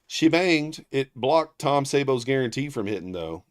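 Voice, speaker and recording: A man's voice: mid-range voice, lively intonation, normal speed, dry recording, clean studio sound. A man hosting a livestream, chatting casually with viewers, rambling through stories with lots of fillers and restarts and reading viewer names aloud. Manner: reads viewer names aloud and thanks them. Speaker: livestream trading host.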